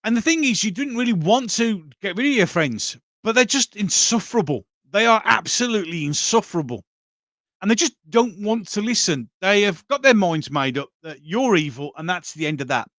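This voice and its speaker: A middle-aged Birmingham man hosts a casual livestream, reading out chat with a blunt, bawdy humour and frequent laughter. His voice sits a little higher than most men's. The sound is dry and close, with no room around it. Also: lively intonation, normal speed, a bit bright, no room sound. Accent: Birmingham (Brummie). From England.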